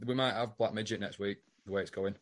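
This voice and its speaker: A man's voice: on the low side, fairly even intonation, quick pace. A man co-hosting a podcast, firing incredulous, sweary questions in casual chat. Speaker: podcast co-host.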